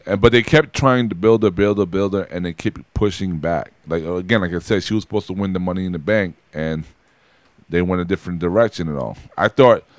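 Man, low voice, dry close sound, rambling casual podcast chat, lots of restarts. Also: no echo. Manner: rambling, many restarts and repeats. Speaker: podcast co-host.

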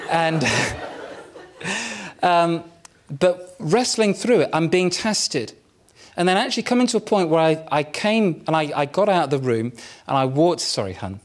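A man preaching a sermon, telling a personal story in a candid, self-mocking way with dramatic pauses. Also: a little high, animated. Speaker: pastor.

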